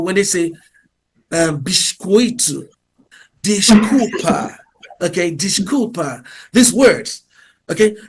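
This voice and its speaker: A man's voice: high voice, fairly bright tone. A man speaking as a guest in an interview, talking emphatically and peppering his answers with "you know" and "okay". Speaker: guest speaker, English teacher.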